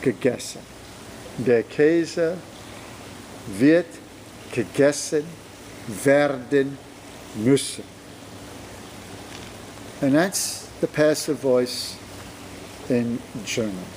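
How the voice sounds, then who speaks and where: A man teaching German grammar, slow and deliberate, his voice rising when he stresses a point. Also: medium pitch, darkish tone, a little hiss or hum, poor audio. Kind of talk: explaining grammar to camera.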